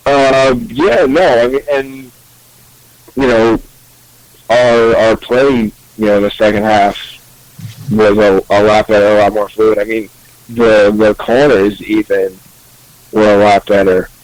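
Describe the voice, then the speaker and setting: A man with a low, very flat voice talks slowly and hesitantly in a casual podcast chat, in halting phrases full of fillers. The sound is dry, with a radio-like quality. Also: dry recording, low-quality recording.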